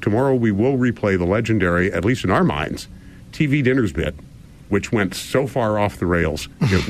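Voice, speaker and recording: A man's voice: low-pitched, slight background noise. A man in his sixties hosting a radio talk show in a casual, rambling and self-deprecating way, chuckling often. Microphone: studio microphone.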